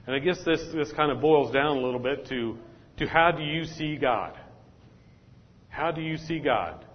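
A man's voice: on the high side, expressive, moderate pace. A man preaching a sermon as pastor, talking straight to the congregation and repeating his points. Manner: repetitive, call-and-response preaching. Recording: dull, echoey hall sound.

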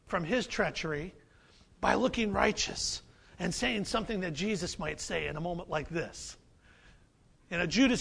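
A man's voice: sits high, creaky, a bit bright. A man preaching a sermon as pastor, conversational and humorous, repeating phrases for emphasis.

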